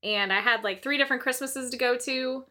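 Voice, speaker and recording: A woman's voice: sits high, a little fast. A young woman chatting casually as co-host, telling stories with lots of laughter and acting out her past self. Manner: animated storyteller, laughs often, acts out her own past voice. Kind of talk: casual chat.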